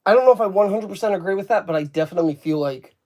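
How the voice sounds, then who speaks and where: A man's voice: high voice, very fast, a little mellow. An American man co-hosting a casual movie review chat, joking and swearing, often cutting himself off. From United States. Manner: joking, profane, self-interrupting. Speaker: podcast co-host reviewing a movie.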